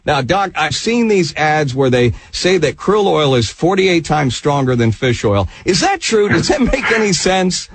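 Lively brisk male radio host. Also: on the high side, slightly rough, dry recording. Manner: brisk announcer delivery, repeats phone number slowly. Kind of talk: radio sales pitch.

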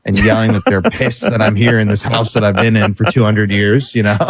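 A man guesting on a radio show about hauntings, explaining his advice in an earnest, gentle, reassuring way with light laughs. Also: lowish voice, fairly even intonation, a little fast, no echo. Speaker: paranormal guest. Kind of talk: radio interview.

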